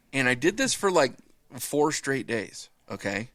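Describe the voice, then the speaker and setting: A man's voice: mid-range voice, takes it slowly, no echo, studio quality. A middle-aged man co-hosting a podcast, telling a crude story full of swearing and laughter. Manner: profane, laughing, animated storytelling. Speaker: podcast co-host.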